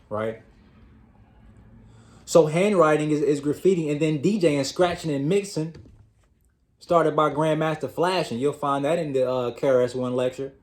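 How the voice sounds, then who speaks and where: Fairly high-voiced man giving a motivational talk. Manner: conversational, talks to the audience as y'all, repeats words as he gathers thoughts. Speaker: host of a self-improvement channel.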